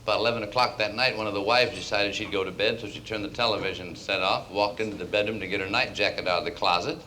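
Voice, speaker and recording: A man's voice: on the low side, fairly even intonation, quick pace, bright, forceful tone, a little hiss or hum, rough recording. A man telling jokes as a stand-up comedian and host, a breezy storyteller who laughs at his own punchlines.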